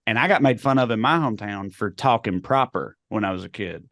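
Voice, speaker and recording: A man's voice: fairly low pitch, animated, a little fast, a bit bright, dry recording, studio quality. A man with a Tennessee Southern accent, a comedian chatting as a radio guest in a rambling, self-deprecating way. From rural Tennessee. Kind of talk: relaxed interview chat.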